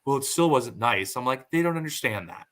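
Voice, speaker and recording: A man in his thirties with a bright, clear voice, chatting casually as a podcast host. He tells stories with energy and slips into the voices of the people in them as he goes. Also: mid-range voice, brisk. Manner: animated storyteller acting out quotes.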